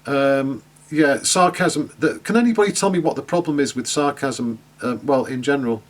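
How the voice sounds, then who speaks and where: In an online lecture, a man speaks in a mid-range voice at a moderate pace. He teaches in a conversational manner, often using fillers and restarting, and puts questions to his students.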